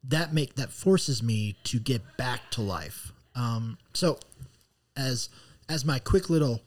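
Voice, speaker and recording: A man's voice: medium pitch, expressive, slow. A man, a pastor co-hosting a podcast, chatting in a playful, joking way and reading items off a list. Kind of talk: casual conversational podcast.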